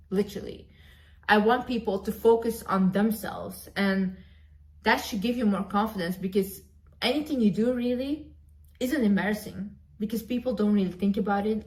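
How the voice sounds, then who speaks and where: A woman's voice: medium pitch, moderate pace, a little mellow. A woman vlogger giving an emphatic, repetitive motivational pep talk straight to her viewers. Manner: emphatic, repetitive, direct address.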